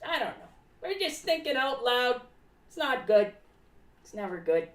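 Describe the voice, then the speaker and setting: A woman's voice: a little high, big pitch swings, a little slow, recorded from a distance. A woman voicing a rambling, eccentric clown who talks about himself in the third person and is paranoid about cats, streaming live. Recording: echoey room, voice away from the mic.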